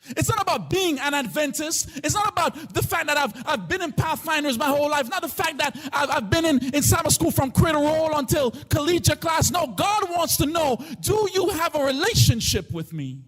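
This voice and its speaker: A man preaching a live church sermon as pastor. He delivers it with passion in a sing-song chanting cadence, swinging between shouting and hushed tones. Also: very high voice, animated, moderate pace, hardly any pauses. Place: church sanctuary.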